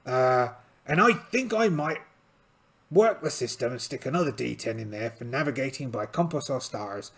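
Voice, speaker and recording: A man with a gravelly, creaky voice plays a solo tabletop game aloud and explains the rules as he goes. His pitch sits in an ordinary middle range for a man. He talks in a chatty, rambling way and pokes fun at himself often. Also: expressive, normal speed, fairly bright tone. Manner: chatty, rambling, self-deprecating. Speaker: solo game player and channel host.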